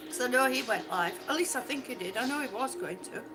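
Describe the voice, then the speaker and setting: A woman's voice: fairly high pitch, lively intonation, fast talker. A woman chatting on a livestream while out on a walk, rambling and laughing often. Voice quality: rambling, chatty, self-described waffler. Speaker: livestream vlogger. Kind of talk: casual livestream chat while walking. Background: background music.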